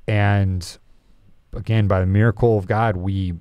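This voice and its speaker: A man who is a podcast guest, telling a personal story in a reflective, halting, confessional way. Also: fairly low pitch, level tone, clear, resonant tone, no echo, muffled recording. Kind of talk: candid personal story in an interview.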